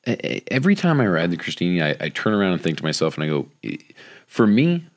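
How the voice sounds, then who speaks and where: A man's voice: low-pitched, very animated, rapid-fire. A man in casual chat who chimes in agreeably while talking about riding bikes. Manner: chiming in, agreeable.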